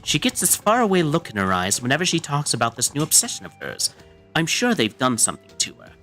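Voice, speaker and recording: A man voicing a distraught middle-aged mother in a game dub, with a high, wavering, pleading voice. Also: huge pitch swings, fast talker, pushed and bright, faint music behind, heavily acted. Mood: worried.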